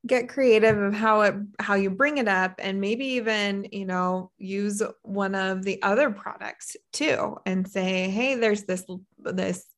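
A woman's voice: medium pitch, fairly even intonation, a little slow, hardly any pauses. Chatty woman giving suggestions. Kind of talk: casual interview talk.

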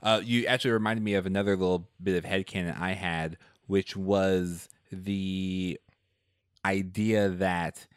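Deep slow-talking man chatting films. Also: smooth, dry recording, clean studio sound. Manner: relaxed, thinking aloud with fillers. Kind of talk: casual film discussion.

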